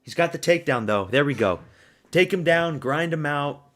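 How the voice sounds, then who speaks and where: A man with a slightly high voice, reacting live to a fight on a watch-party stream. He swears constantly and yells at the screen. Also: normal speed. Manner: profane, excitable, yelling at the screen.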